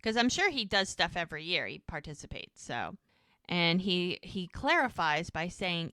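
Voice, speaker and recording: Bright, crisp podcast co-host woman. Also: lowish voice, no room sound, clean studio sound. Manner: animated, quotes characters in quick bits, chatty asides. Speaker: podcast co-host recapping episodes. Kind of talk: casual chat, retelling scenes.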